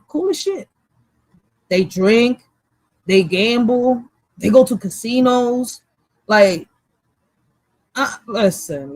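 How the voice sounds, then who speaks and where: A woman's voice: a little high, a little mellow, dry recording. A woman co-hosting a casual talk show, blunt and swearing freely, laughing often. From Puerto Rican background, raised in Philadelphia. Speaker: co-host. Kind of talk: casual profane chat.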